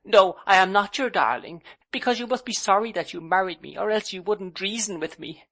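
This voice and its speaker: A man reading an audiobook, voicing a childish, pleading young wife who sobs and coaxes in a much higher voice. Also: a little fast, pushed and bright. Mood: tearful. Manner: pleading, sobbing, coaxing.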